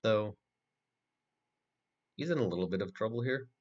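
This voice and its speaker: A man's voice: fairly low pitch, animated, normal speed. A man casually commentating a replay of his own poker tournament, rambling with lots of fillers and restarts. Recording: dull, slightly muffled recording with faint noise.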